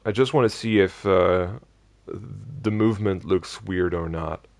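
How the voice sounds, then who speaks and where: A man streaming a game, chatting casually and rambling with many hesitations, his voice going a little hoarse. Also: low voice, a little slow. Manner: rambling, hesitant, hums tunes softly. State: losing his voice. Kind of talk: casual live-stream chat while playing.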